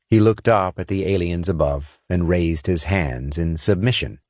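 A man narrating a science fiction audiobook in a measured, expressive read. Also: low voice, dry recording, clean studio sound. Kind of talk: scripted narration.

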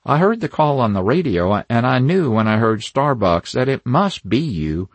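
A man's voice: medium pitch, sing-song, slow pace, slightly rough, dry recording, pitched above the performer's own voice, full character voice. A man voicing an anxious female police detective who fires off urgent questions. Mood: alarmed.

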